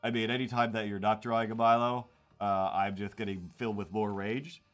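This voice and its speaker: A man's voice: fairly low pitch, fairly even intonation, a little fast, faint music behind, natural voice. A man voicing Milo, a self-obsessed, easily enraged male cartoon mascot who rants and boasts. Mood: ranting. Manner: ranting, boastful.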